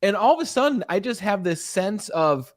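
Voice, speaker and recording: Man, earnest, talkative, podcast host, slightly high pitch, dry close-mic sound. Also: big pitch swings, moderate pace, no echo. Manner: talkative, earnest, acts out quoted dialogue. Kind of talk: casual conversation, storytelling.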